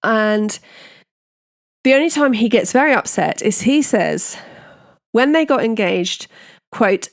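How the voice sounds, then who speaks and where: A woman's voice: a little high, lively intonation, slow pace, long pauses. A woman hosting a true crime podcast, recapping a case in a casual, indignant, opinionated way.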